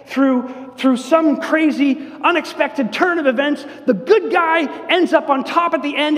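An older man preaching a sermon in a church, telling stories with lively energy and acting out the quotes. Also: extremely high pitch, measured pace. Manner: animated storytelling, acts out quotes. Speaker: pastor. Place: church sanctuary. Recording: long church reverb.

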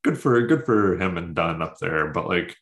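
A man's voice: low voice, animated, normal speed, gravelly, fairly bright tone. A man co-hosting a casual sports chat, rambling with lots of fillers and offhand jokes. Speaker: podcast co-host.

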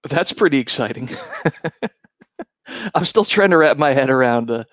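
A man co-hosting a casual chat, making dry jokes and laughing loudly. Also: medium pitch, expressive, unhurried, dry recording. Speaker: podcast co-host. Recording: dry, dull lo-fi sound.

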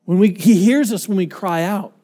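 Male pastor, middle-aged, high voice, emphatic preaching with dynamic swings. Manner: emphatic, varies volume from loud to quiet, slows for scripture. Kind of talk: sermon.

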